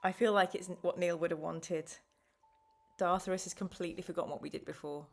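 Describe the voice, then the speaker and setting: A woman's voice: on the low side, steady tone, brisk, vocal fry. Chatty woman streaming a gamebook. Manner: chatty, reads choices aloud and talks to viewers. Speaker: streamer and host. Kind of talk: live-streamed gamebook play-through.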